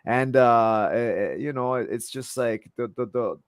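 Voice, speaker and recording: A man's voice: mid-range voice, unhurried, smooth, no room sound. Dry, eager French-accented man in his forties. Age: 40s. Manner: passionate, eager, often repeats and restarts words. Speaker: jiu-jitsu instructor, guest. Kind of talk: casual interview chat.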